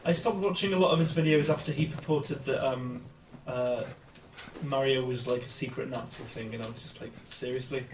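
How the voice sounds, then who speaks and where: A man casually chatting and reacting while playing a game with a friend. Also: mid-range voice. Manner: relaxed, quick reactions. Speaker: let's play co-host. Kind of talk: casual gaming chat. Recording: roomy, distant mic, background noise.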